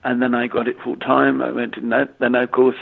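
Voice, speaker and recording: Gravelly older English man on a phone line. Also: medium pitch, monotone. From England. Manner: halting, repeats words, many fillers. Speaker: medium, interview guest. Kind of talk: conversational interview. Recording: tinny phone-line audio.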